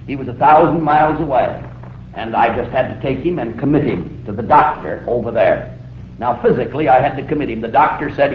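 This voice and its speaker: Storytelling preacher on an echoey old tape. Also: male voice, medium pitch, brisk. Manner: vivid storytelling, acts out quoted voices. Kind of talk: sermon. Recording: roomy, dull old recording with faint hiss.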